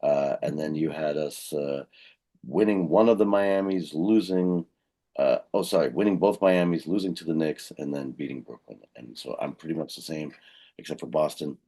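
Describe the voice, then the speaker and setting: Very deep gravelly man chatting basketball. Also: moderate pace, warm tone. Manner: rambling, lots of fillers and self-corrections. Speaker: co-host of a fan podcast. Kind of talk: casual sports chat.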